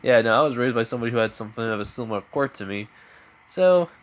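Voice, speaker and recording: A man's voice: medium pitch, expressive, fast talker, highs cut off, natural voice. A man voicing an easygoing teenage boy hero who talks in an offhand, conversational way, barely shifting from his own voice.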